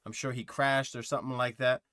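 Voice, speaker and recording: A man's voice: mid-range voice, level tone, brisk, pushed and bright, clear, resonant tone, no echo, studio quality. Rambling man reacting to music. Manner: rambling, thinking aloud with many fillers. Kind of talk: casual reaction commentary.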